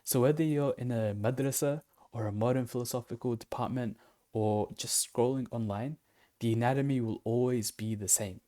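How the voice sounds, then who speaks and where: A man's voice: mid-range voice, normal speed, dark tone. A man giving a casual explanatory lesson in a loose, conversational way, with fillers and self-corrections. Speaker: online teacher.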